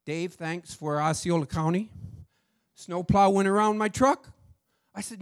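A middle-aged man telling a church testimony story, acting out the dialogue with lively feeling. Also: sits high, unhurried. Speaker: church speaker sharing a testimony.

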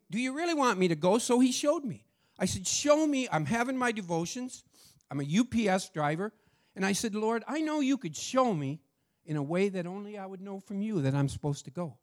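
A middle-aged man telling a church testimony story, acting out the dialogue with lively feeling. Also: high-pitched. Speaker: church speaker sharing a testimony.

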